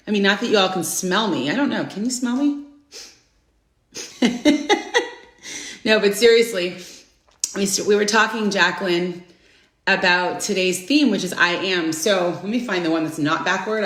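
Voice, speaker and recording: A woman in her forties hosts a casual live stream, talking warmly about personal growth and breaking into excited greetings for viewers. Her voice sits in a middle pitch. The sound is roomy, with a noticeable echo around her. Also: normal speed, long pauses. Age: 40s. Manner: effusive, greets viewers by name with bursts of excitement. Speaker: host of a live inspirational stream.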